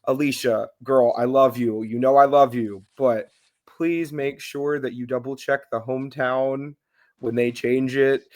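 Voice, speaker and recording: A man's voice: medium pitch, steady tone, measured pace, a little mellow. A man co-hosting a podcast, talking in a wry, conversational way and addressing people directly. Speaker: podcast co-host. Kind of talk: casual recap chat.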